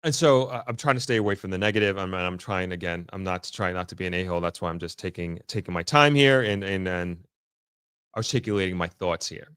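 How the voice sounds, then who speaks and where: A man with a low, a bit bright, smooth voice talks a little fast to camera, giving viewers a casual, unscripted update from the area it covers. He often stops and restarts, choosing words with care. The recording is dry and studio quality.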